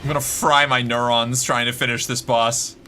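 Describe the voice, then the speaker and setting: A man's voice: medium pitch, little pitch movement, moderate pace, pushed and bright, soft background music. A young man from Massachusetts with a faint Boston accent, giving exasperated, profane let's-play commentary as he streams a game. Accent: slight Boston.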